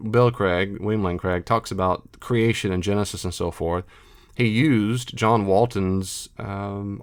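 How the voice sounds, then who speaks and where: Middle-aged male scholar, lower pitch, emphatic unscripted monologue with repetitions. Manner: emphatic, repeats himself, animated asides. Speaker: biblical scholar and lecturer.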